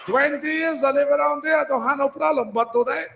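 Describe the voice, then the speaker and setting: A comedian putting on a fed-up middle-aged shopkeeper who scolds in broken English and climbs into shouts. The voice sits well above the comic's own, bright and pushed. It rings out through an echoey club with an audience murmuring underneath. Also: male voice, very high-pitched, a little fast, creaky, slight background noise, pitched above the performer's own voice, full character voice. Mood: exasperated scolding. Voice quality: broken English, heavy Spanish-tinged phrasing. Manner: exasperated, scolding, rising to shouts. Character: irritable middle-aged male corner-store owner.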